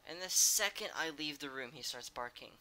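A man's voice: on the high side, lively intonation, moderate pace, sharp tone, a little hiss or hum. A young man playing a video game alone at home, muttering irritably and swearing to himself. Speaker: gamer. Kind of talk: solo gaming commentary. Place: room at home.

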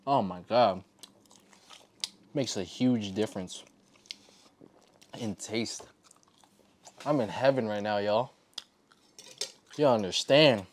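A man vlogging casually as he eats a meal, excited and often talking with his mouth full. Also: mid-range voice, slight background noise. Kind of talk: casual eating vlog.

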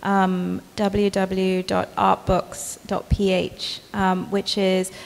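Woman with a gravelly voice, in a hall. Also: mid-range voice, completely flat delivery, slow. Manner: hesitant, many fillers and restarts. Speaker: book editor and speaker. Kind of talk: public talk Q&A answers. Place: gallery event space. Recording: long reverb in a hall with faint ambience.

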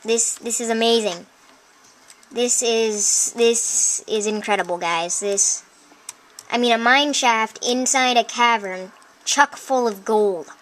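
A woman commenting on her own video game play, chatty and easily excited, often breaking into exclamations and talking straight to her viewers. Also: on the high side. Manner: chatty, addresses viewers directly. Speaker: let's play host. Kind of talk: gameplay commentary.

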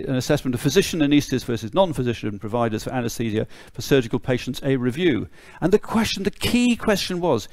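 Gravelly British man giving a wry lecture. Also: mid-range voice, darkish tone, no echo, clean studio sound. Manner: wry, sardonic humour; blunt, mildly swearing asides. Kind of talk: conference lecture.

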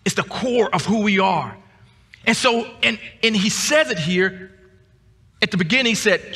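Guy preaching, gets loud and shouty, repeats words, bright voice, church echo. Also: expressive, unhurried, pauses often, husky. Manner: climbs to high emphatic shouts, repeats words. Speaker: guest preacher. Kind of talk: sermon. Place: church sanctuary. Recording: long church reverb.

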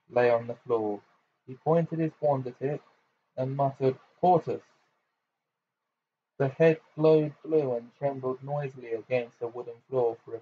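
A man's voice: mid-range voice, slightly rough. Man reading a novel aloud, muffled mic. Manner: plain steady narration with small slips. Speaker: audiobook reader. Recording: slightly muffled home recording.

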